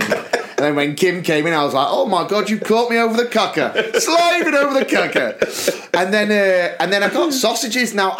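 A man's voice: a little high, fairly bright tone, slight background noise. A British man co-hosting a podcast, telling a long personal anecdote in casual chat and often breaking into laughter. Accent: British English. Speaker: podcast co-host.

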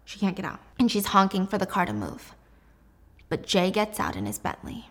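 A woman casually recapping a drama, expressive and animated, laughing often. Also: medium pitch, normal speed.

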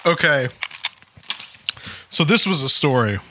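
A man's voice: on the high side, expressive, takes it slowly, bright, forceful tone, slight background noise. A man hosting a casual talk show, reading a news story aloud and laughing at it. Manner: amused, laughs while reading. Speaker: podcast host.

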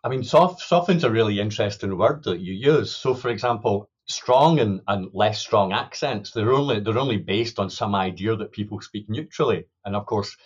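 A man's voice: lowish voice, normal speed, hardly any pauses, breathy edge. A middle-aged male academic explaining his research in a podcast interview, thoughtful and full of restarts. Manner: thoughtful, many restarts and "you know". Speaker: sociolinguistics academic guest. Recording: dull lo-fi sound.

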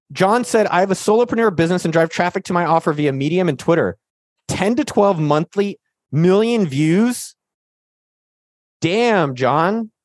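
A man with a higher-pitched voice hosts a podcast, fielding listener questions in a loose, slangy, joke-heavy way packed with banter. The talk is casual and hyped, and the studio-quality recording has no echo.

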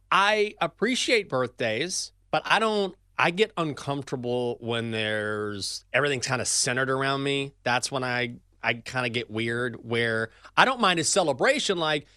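Bright-voiced man in easygoing podcast chat. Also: medium pitch, clear, resonant tone, no room sound, studio quality. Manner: rambling, self-correcting, animated. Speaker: sports betting podcast co-host. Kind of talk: casual chat.

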